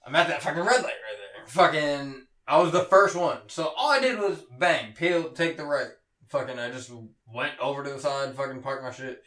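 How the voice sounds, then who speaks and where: Young man, podcast co-host, lively swinging voice, heavy swearing, distant echoey mic. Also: medium pitch, normal speed. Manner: animated storytelling, heavy swearing, laughs often. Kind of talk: casual chat. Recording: roomy, off-mic echo.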